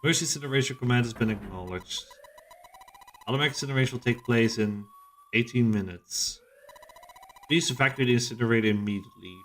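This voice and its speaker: A man's voice: medium pitch, quick pace, pauses often, a little hiss or hum, lightly acted. A man voicing a cold automated warning system, reading clipped announcements. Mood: announcing.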